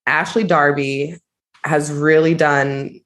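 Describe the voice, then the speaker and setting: A woman co-hosting a podcast, chatting in a gossipy, animated way and saying "like" a lot. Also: low voice, slow. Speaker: podcast co-host. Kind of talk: casual chat.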